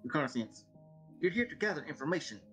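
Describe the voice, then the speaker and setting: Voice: mid-range voice, very animated, fast, a bit bright, faint music behind, rough recording. A streamer casually speaking a game character's lines, thinking aloud and tripping over words. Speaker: player choosing dialogue. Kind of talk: role-playing dialogue on a game stream.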